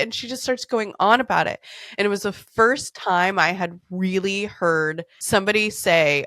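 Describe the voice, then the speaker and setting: A woman's voice: mid-range voice, moderate pace, a bit bright, dry recording, clean studio sound. A woman podcast host in her thirties, telling stories in a candid, casual way, swearing freely and laughing often. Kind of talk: casual storytelling chat.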